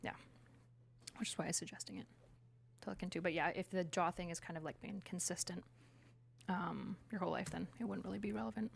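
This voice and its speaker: A woman's voice: lowish voice, fairly even intonation, a little fast, creaky, pauses often. A woman in casual conversation, explaining things at length with many fillers.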